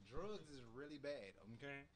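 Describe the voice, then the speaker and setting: A man's voice: mid-range voice, animated, moderate pace, slight background noise. A man hosting a casual online radio show with friends, joking around and doing playful mock-announcer intros. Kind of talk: casual group chat.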